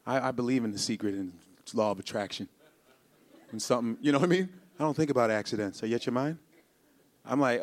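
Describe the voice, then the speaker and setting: A man doing a stand-up comedy routine, loud and animated, talking profane street slang and breaking into screams and laughter. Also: medium pitch, quick pace.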